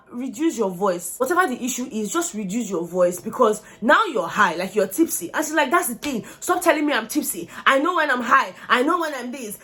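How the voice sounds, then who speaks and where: A young woman giving a casual gossip recap, animatedly acting out what other people said. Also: on the high side. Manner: animated, acts out quotes of others. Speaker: reality show recap vlogger.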